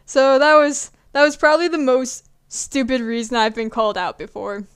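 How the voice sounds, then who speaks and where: Clear and resonant, her high voice keeps a fairly even intonation at normal speed. She is a young adult vlogger in her early twenties, telling chatty, casual stories with the odd swear word and impressions of what people said.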